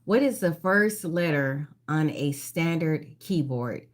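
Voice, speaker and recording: A woman hosting a casual live-stream trivia game. She reads each question slowly, repeats it, and greets viewers by name. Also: sits low, lively intonation. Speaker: livestream trivia host.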